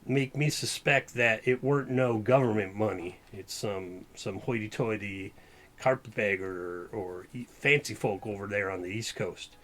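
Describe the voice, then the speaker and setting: A man voicing a weary, fed-up frontier sheriff with a rough Western drawl and folksy grammar. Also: fairly low pitch, measured pace, fairly bright tone.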